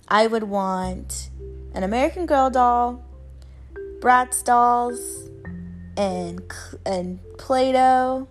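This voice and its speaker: Young woman in her twenties, solo podcast host, rambling chatty delivery, faint music underneath. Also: medium pitch. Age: 20s. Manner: rambling, chatty, full of "like" fillers, self-deprecating. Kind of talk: casual solo podcast chat. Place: at her family home, indoors.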